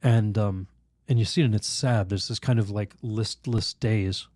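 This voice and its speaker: A priest telling a lively story in a podcast interview, laughing often, acting out other people's voices, with halting restarts. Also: male voice, fairly low pitch, dry recording, studio quality. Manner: animated, laughs often, acts out quoted voices. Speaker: priest guest.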